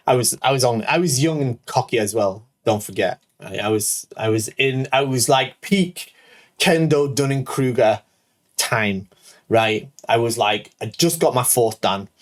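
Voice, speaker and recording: A man's voice: medium pitch, normal speed. A man in his thirties, a show host, telling a rambling personal anecdote full of "like" and "right?". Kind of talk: casual storytelling.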